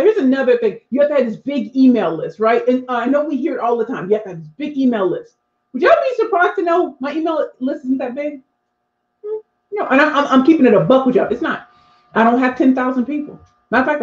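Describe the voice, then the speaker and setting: Her voice sits on the high side and is a little mellow. She is a speaking coach in her forties, chatting with viewers on a live stream, reading their comments and speaking to them directly, recorded with lo-fi dullness and room echo.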